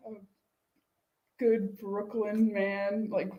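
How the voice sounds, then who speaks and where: A woman co-hosting a casual livestream chat from an office studio, easygoing and quick to giggle. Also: medium pitch, flat delivery, highs cut off. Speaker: co-host. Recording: echoey room.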